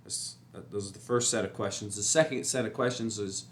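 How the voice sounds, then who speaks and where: A man talking in a casual, rambling way about staying calm, repeating himself and getting animated when he describes panicking. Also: on the low side, brisk, hardly any pauses. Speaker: motivational speaker. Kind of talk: casual spoken reflection.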